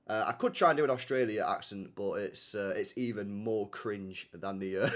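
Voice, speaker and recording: A man's voice: on the low side, moderate pace, hardly any pauses. A young man chatting casually to his live stream audience, rambling with slang, swearing and frequent laughter. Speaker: streamer hosting a football watchalong.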